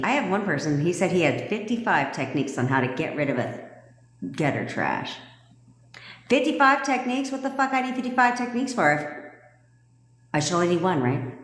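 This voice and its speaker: Blunt, profane woman ranting in echoey room. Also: low voice. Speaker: manifestation coach. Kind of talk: livestream rant. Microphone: phone livestream. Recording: echoey room with long reverb.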